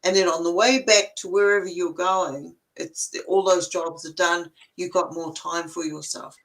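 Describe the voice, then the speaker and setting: A woman's voice: fairly low pitch, steady tone, moderate pace, fairly bright tone, rough recording. An older woman giving a casual spiritual card reading, chatty and explaining step by step with everyday examples.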